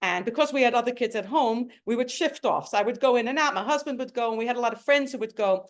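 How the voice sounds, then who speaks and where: Earnest middle-aged woman, higher voice. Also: quick pace. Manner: earnest, emotional storytelling with acted quotes. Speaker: speaker sharing a personal story. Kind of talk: personal testimony talk. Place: home.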